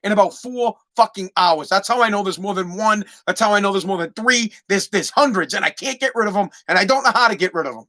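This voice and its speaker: High bright-voiced ranting podcast man. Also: quick pace, few pauses. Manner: heated, swearing, repeats words when stumbling. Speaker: podcast host. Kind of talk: casual profane rant.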